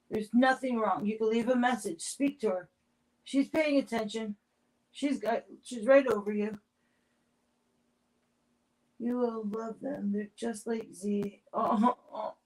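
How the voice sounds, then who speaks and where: A woman's voice: fairly high pitch, low-quality recording. A middle-aged woman hosting a casual craft livestream, rambling as she works and answering viewers in the chat. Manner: rambling, warm toward chat viewers, many restarts.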